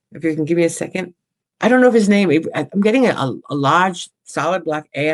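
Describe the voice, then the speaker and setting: Rambling woman psychic medium. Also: deep voice. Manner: rambling, relays spirit messages. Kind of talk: casual paranormal chat.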